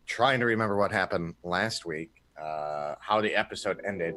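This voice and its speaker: A man's voice: low-pitched, moderate pace, few pauses, pushed and bright, faint music behind. A man introducing his character on a role-play stream, joking and teasing the others. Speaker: player. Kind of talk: casual chat among players.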